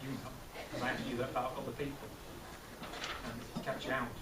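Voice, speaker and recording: Male teacher, middle-aged, lively and questioning; distant mic, roomy echo. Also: medium pitch, a little fast. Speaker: teacher leading a maths master class. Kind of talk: classroom teaching with questions to pupils. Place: classroom. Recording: echoey classroom from far off, noisy.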